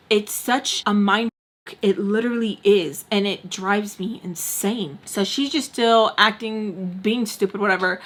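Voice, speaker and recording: A young woman spills a personal story straight to her viewers in a loose, conversational storytime. She swears freely and jumps into little impressions of everyone involved. Her voice sits in a middle register, neither high nor low. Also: measured pace. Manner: animated, profane, acts out the people in her story. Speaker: vlogger telling a personal story. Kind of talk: casual storytime vlog.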